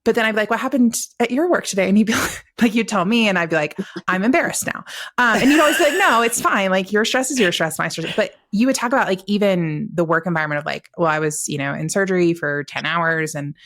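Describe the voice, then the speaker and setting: Woman podcast host with a slightly low voice; loose, friendly, filler-heavy chat. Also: quick pace, few pauses, fairly bright tone. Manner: chatty, many likes and ums, playful. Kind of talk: casual conversation.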